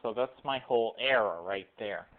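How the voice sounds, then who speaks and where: A young man rambling through a halting personal monologue, recorded on a cell phone camera. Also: lowish voice. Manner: halting, full of restarts and fillers. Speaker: vlogger. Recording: weak tinny cell phone audio.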